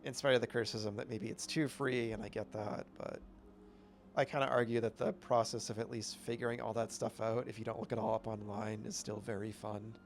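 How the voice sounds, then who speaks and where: A man's voice: on the low side, level tone, fairly quick, creaky, slight background noise. A man streaming a video game, chatting casually with rambling, upbeat commentary. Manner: rambling, self-correcting, upbeat.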